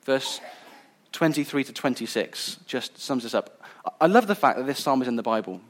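A man's voice: mid-range voice, animated, moderate pace. A man giving a sermon in an earnest, conversational way. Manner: earnest, conversational, some restarts. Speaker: preacher.

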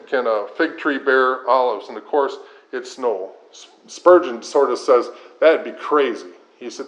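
Middle-aged guy preaching, earnest and repetitive, a bit dull lo-fi sound. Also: mid-range voice. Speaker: pastor. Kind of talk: sermon.

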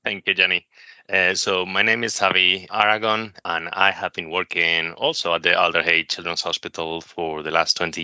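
A man working as a specialist pharmacist, explaining things in a measured way as a guest on a podcast interview. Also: low-pitched, bright, forceful tone, clean tone, dry recording. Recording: slightly dull dry podcast audio.

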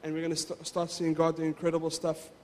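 High-voiced pastor in a reverberant hall. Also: male voice, monotone, fast, a little mellow, a little hiss or hum. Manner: conversational, rambling, repeats words. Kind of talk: casual sermon.

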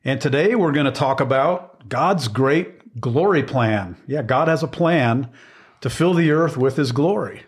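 Husky man teaching scripture. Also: mid-range voice, lively intonation, measured pace. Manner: earnest, reflective, with many ums and restarts. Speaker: podcast co-host. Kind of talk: casual Bible teaching chat.

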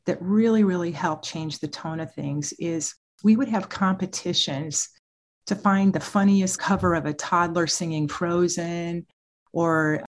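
A woman's voice: lowish voice, measured pace. Middle-aged lady therapist on a podcast, chatty storyteller, laughs a lot. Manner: animated storyteller, laughs often. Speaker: guest therapist. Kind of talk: podcast interview.

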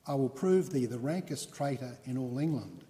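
A man's voice: mid-range voice, animated, normal speed, dark tone, lightly acted. A man reading the lines of a hostile, blustering prosecutor in a bombastic, accusing manner. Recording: long hall reverb.

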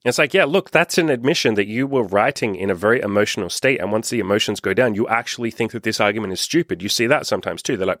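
A man's voice: fairly low pitch, fast, fairly bright tone, dry recording, clean studio sound. A man hosting a podcast, giving casual self-help advice straight to his listeners, laid-back and swearing freely. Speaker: podcast host.

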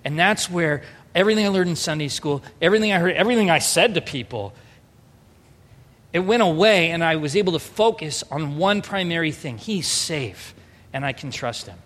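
A pastor in his thirties preaching an earnest, emphatic sermon, moving between soft storytelling and raised exhortation. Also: on the high side, lively intonation, normal speed. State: emotional, near tears. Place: church hall. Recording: reverberant hall.

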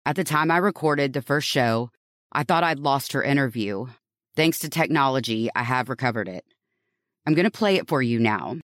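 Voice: mid-range voice, no room sound, clean studio sound. A podcast host narrating a true-crime story, earnest and reflective, posing rhetorical questions to listeners.

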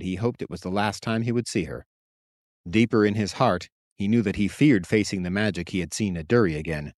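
A man reading his own story aloud in steady, measured audiobook narration. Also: sits low, no echo, studio quality. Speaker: author and narrator.

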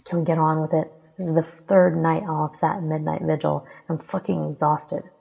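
A woman voicing Bakugo, a gruff dragon king. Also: low-pitched, flat delivery, moderate pace, mellow, in a large hall, heavily acted, low-quality recording. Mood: irritable. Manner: curt and irritable, voice catching. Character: gruff proud young male dragon-clan king, nervous.

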